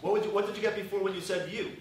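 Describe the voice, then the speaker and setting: Rapid-fire and high-pitched, with fairly even intonation, a man leads a marriage class as a rabbi, drawing his audience in with questions and prompts. The large synagogue hall is full, and the distant recording is echoey with audience noise.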